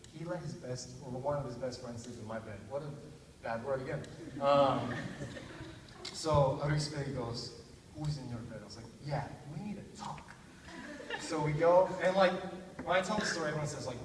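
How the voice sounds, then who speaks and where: A young man from Texas doing stand-up comedy at a student talent show, animatedly telling a story and acting out the dialogue with excited outbursts. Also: mid-range voice. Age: young adult. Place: large hall at a talent show. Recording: echoey hall, distant mic, noisy.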